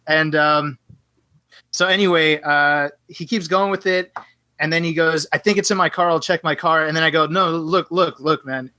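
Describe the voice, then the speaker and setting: A podcast guest with a slightly high, clean-toned voice talks at a normal speed, recorded dry. He's casually relating a lengthy story, animated throughout and voicing each side of the quoted exchanges.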